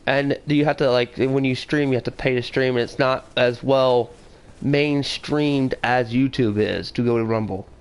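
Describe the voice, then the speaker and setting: A man co-hosting a casual podcast chat, talking in a blunt, excitable, profane way. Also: mid-range voice, moderate pace, a little hiss or hum.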